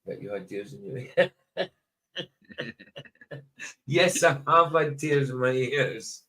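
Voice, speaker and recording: Jokey animated man chatting. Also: medium pitch, takes it slowly. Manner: jokey, animated, stumbles over words. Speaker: podcast co-host. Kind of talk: casual group chat.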